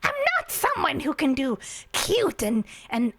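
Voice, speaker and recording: A woman's voice: high-pitched, sing-song, measured pace, a bit bright. A woman streaming casually, playful and giggly, trying out silly voices between chatting with viewers.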